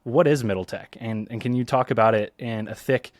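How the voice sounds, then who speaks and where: A man's voice: medium pitch, a little fast, no room sound, studio quality. A man from Eastern Kentucky hosting a podcast, talking casually with lots of ums. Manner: relaxed, many ums and restarts. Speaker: podcast host.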